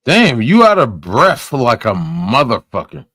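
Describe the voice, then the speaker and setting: Man, stream reaction host, crude mocking commentary, slow drawl, dry close sound. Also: medium pitch, huge pitch swings, a bit bright, no room sound. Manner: profane, mocking, laughs often.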